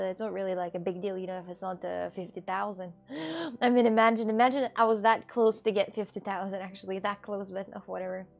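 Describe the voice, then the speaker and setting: A woman's voice: medium pitch, gravelly, a little mellow. Chatty young woman. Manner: chatty, reads and answers chat questions. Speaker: streamer. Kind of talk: casual live-stream chat.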